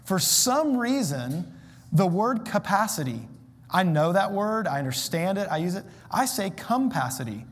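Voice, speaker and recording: A pastor preaching in a reverberant hall. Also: male voice, high-pitched, measured pace. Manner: conversational, self-deprecating, animated asides. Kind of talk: sermon. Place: church sanctuary.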